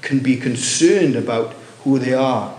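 A man preaching a sermon, telling a story with many restarts and rising excitement at its loud moments. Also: medium pitch, reverberant, slight background noise. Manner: halting, many restarts, rises when telling of shouting.

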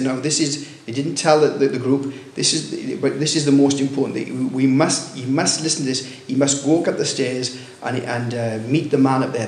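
A man preaching a sermon, telling a story with many restarts and rising excitement at its loud moments. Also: mid-range voice, echoey room. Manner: halting, many restarts, rises when telling of shouting.

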